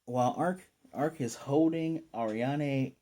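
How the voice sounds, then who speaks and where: A man giving a casual, animated recap of an anime episode as a reviewer and acting out the characters' lines as he goes. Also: mid-range voice, slow.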